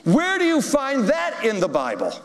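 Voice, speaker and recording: A man preaching a sermon, telling a story with animated, chuckling emphasis, heard in an echoey hall. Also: very high voice, normal speed.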